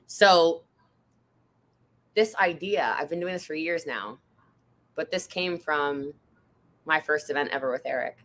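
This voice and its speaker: A woman in her thirties hosting a casual conversation, telling lively stories and jumping into high-pitched voices when she quotes people. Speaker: host.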